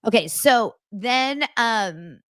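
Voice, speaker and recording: A woman's voice: a little high, extremely slow, dry recording, clean studio sound. A woman hosting a casual gossip show, talking bluntly and swearing freely. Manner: animated, blunt, swears freely, acts out quotes in voices. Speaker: podcast host recapping reality TV.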